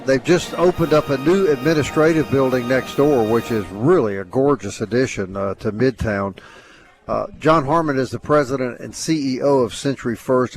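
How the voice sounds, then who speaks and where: A man hosting a sports radio show on location, talking casually with easy pauses and fillers. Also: medium pitch. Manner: easygoing, many "uh" fillers. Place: credit union building, on location.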